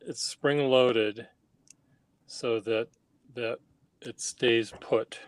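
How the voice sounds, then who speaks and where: A man from Minnesota with a Minnesota accent, calmly explaining a small task as he works. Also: medium pitch, very slow, clear, resonant tone, no echo. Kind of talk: casual chat.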